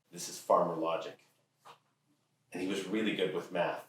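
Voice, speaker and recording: A man tells funny stories about himself in a dry, self-deprecating way. His voice is low and deep. He is heard from a distance in a hall with strong echo. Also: fairly even intonation, moderate pace, a bit bright, slight background noise. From Ontario, Canada. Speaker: comic storyteller. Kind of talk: humorous personal monologue. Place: event hall. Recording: echoey hall, mic far off.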